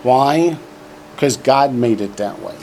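A man's voice: medium pitch, expressive, darkish tone, slight background noise. A man teaching a Hebrew class, drilling word forms for the students to repeat and slipping in jokes. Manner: slow, drawn-out drilling of words for repetition; joking asides. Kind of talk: classroom lesson.

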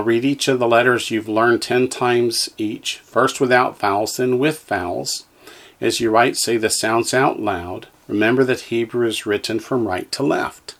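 A man teaching a language lesson, carefully enunciating syllables for the listener to repeat and explaining each exercise. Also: medium pitch. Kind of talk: slow drill-style lesson reading.

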